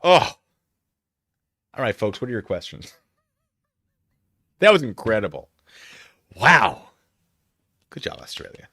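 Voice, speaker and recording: A man's voice: on the low side, big pitch swings, takes it slowly, long pauses, bright, forceful tone, dry recording, clean studio sound. A man hosting a casual livestream, reacting with sarcastic commentary and frequent laughter. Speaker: streamer.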